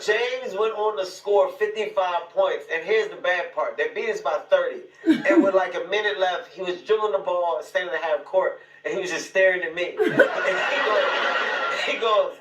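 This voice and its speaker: Animated comedian man, roomy and distant. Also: sits high, moderate pace, highs cut off. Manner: animated storytelling, playful. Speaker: comedian guest. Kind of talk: talk show anecdote. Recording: roomy, distant, loud music over it.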